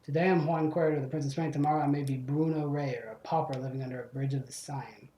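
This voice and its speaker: A man voicing a sly male fox detective who poses as a prince, speaking smoothly and theatrically in a roomy room. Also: mid-range voice, fairly even intonation, quick pace, dark tone, a little hiss or hum, natural voice. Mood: smooth evasive. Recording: roomy echo.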